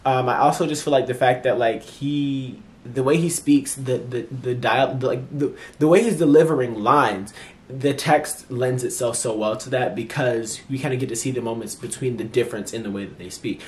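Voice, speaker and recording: In this laid-back film review vlog, a man with a medium-pitched voice rambles animatedly, restarting sentences, dropping fillers, and playfully voicing the characters' lines.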